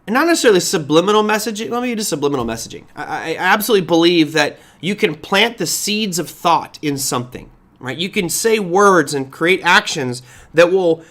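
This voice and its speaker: A middle-aged man hosts a live market-commentary stream and answers viewer questions. His voice sits fairly high for a man, and he talks in a loose, animated way, with rhetorical questions and quick restarts.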